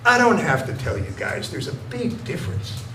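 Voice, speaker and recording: An older man tells his stand-up stories with mock innocence and a deadpan touch. His voice is fairly high and rings through a roomy club. The audience and room noise come through clearly. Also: moderate pace. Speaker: stand-up comedian. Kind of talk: stand-up comedy. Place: comedy club stage.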